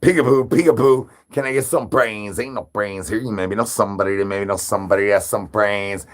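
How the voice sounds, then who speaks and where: A man's voice: fairly low pitch, fairly even intonation, a little fast, fairly bright tone. A man hosting a livestream, rambling absurd rhyming slang as a brain-hungry zombie persona. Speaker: livestream host. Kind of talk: absurd comedic livestream rant.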